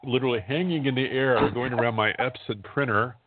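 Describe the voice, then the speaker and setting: A man's voice: medium pitch, steady tone, brisk, noisy background. A man in his fifties hosting a talk radio show, chatting casually and rambling, often laughing as he talks. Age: 50s. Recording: dry, phone-like internet radio audio.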